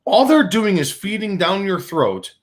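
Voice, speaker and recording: A man's voice: high-pitched, very animated, a little slow. A man hosting a sports talk show, ranting with profanity and many restarts. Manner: fired-up, profane, repetitive restarts. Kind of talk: heated sports radio rant.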